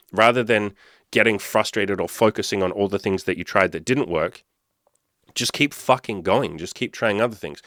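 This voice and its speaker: A man's voice: on the low side, fairly bright tone, no room sound, studio quality. A man talking casually as a dating and self-improvement coach, blunt and swearing freely as he gives motivational advice. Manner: blunt, swears freely, acts out quoted people.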